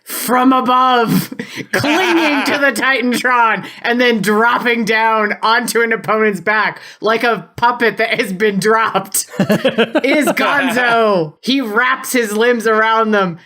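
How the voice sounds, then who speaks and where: A woman's voice: fairly high pitch, slow, sharp tone. A woman on a podcast, telling a story in a playful, giggly way. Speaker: podcast player.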